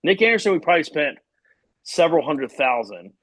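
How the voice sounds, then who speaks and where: A man's voice: a little high, big pitch swings, brisk, a bit bright. A man from co-hosting a live sports show, talking in a profane, ranting way. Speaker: podcast co-host. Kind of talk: casual sports talk.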